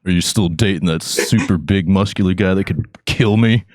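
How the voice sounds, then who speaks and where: A man with a very low voice chats on his podcast in a loose, goofy way, laughing through rambling stories. He sounds high and relaxed. The sound is close and dry, with no room around it. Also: moderate pace, no echo. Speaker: podcast host. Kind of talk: casual chat.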